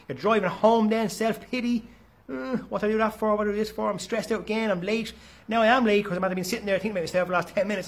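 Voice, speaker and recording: A man's voice: high voice, fairly bright tone. A middle-aged father talking casually about mindfulness, blunt and swearing freely, acting out his own road rage in a raised voice. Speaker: mindfulness talk host. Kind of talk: casual spoken monologue.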